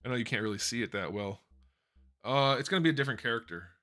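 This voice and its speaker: A man fields viewer questions on a casual live stream, rambling into a desk microphone and correcting himself as he goes, with faint music underneath. His medium-pitched voice is animated, bright and forceful, at a quick pace.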